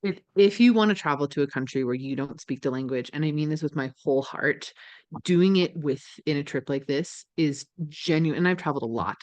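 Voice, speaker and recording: A woman co-hosting a casual podcast speaks in a low-pitched voice with no echo. She is enthusiastic and persuasive, with plenty of "like" and "um".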